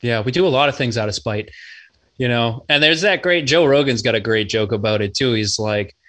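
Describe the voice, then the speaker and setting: A man's voice: medium pitch, fairly quick, fairly bright tone. Rambling, profane man from Massachusetts. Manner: rambling, profane, laid-back. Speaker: podcast guest. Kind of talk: casual chat.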